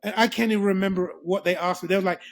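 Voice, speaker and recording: A man's voice: sits high, very fast. A middle-aged man from England, a guest telling a story in a casual interview, laughing often and acting out the voices of the people in it. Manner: animated, laughing, acts out voices.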